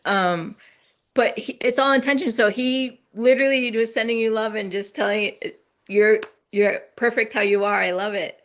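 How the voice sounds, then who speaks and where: A woman explaining energy healing on a video call in a gentle, reassuring, unhurried way. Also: a little high, fairly even intonation. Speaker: guest energy healer. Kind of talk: casual explanation on a live call.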